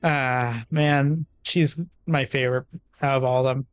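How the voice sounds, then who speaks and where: A woman's voice: rumbling low, fairly even intonation, measured pace, clear, resonant tone, no echo, soft background music. A woman streamer giving casual, playful and self-mocking gameplay commentary.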